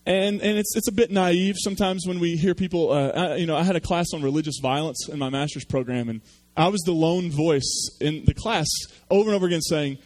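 A man's voice: fairly high pitch, fast talker, a little mellow. A man preaching a sermon, telling a story with self-deprecating humor. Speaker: pastor.

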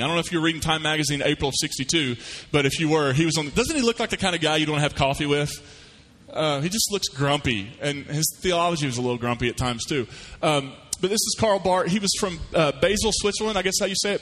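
Folksy pastor in a reverberant church. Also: male voice, fairly high pitch. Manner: folksy storytelling with lively voiced asides. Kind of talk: sermon.

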